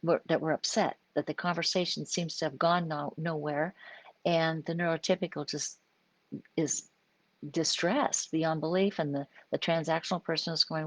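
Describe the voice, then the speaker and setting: Low-voiced woman explaining in a live stream. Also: fairly even intonation, moderate pace, no room sound. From US Pacific Northwest. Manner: conversational, explaining with frequent "right?" check-ins. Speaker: psychologist hosting a live stream. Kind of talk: informal live-stream talk.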